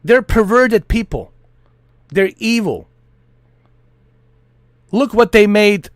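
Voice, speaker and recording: A man's voice: high-pitched, lively intonation, slow pace, dry recording, clean studio sound. A man streaming while he plays, ranting in a heated, profane, repetitive way. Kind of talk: ranting monologue over a flight sim.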